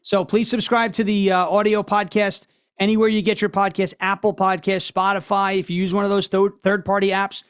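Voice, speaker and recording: A man with a fairly high voice hosts a political commentary show. He talks in a brash, loose, mocking way. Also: level tone, a little fast, clear, resonant tone. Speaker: host.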